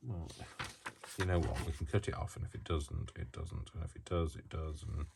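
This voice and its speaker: A man's voice: rumbling low, fairly even intonation, normal speed, gravelly. A man making a casual craft video, rambling and joking at himself as he works. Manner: rambling, self-mocking, talks to himself while working. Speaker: craft vlogger. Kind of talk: casual chat while crafting. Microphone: built-in camera mic, mic not working. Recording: noisy home recording.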